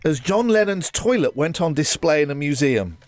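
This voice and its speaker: A man's voice: on the high side, animated, moderate pace, darkish tone, no room sound. A man hosting a radio show, bantering, laughing often and reading out odd news stories. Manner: jokey, laughs often, does silly voices.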